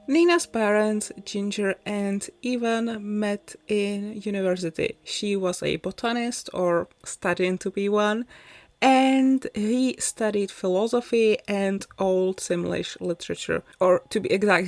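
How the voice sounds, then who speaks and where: A young woman chatting through a voice-over, a little out of breath and quick to laugh as she rambles through a story. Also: mid-range voice. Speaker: YouTuber. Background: soft background music.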